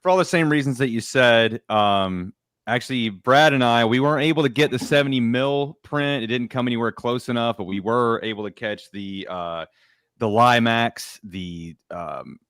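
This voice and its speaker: A man's voice: mid-range voice, moderate pace, fairly bright tone, clear, resonant tone, dry recording, studio quality. A man co-hosting a casual movie podcast, easygoing and telling stories with hesitant fillers. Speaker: podcast co-host. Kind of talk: casual chat.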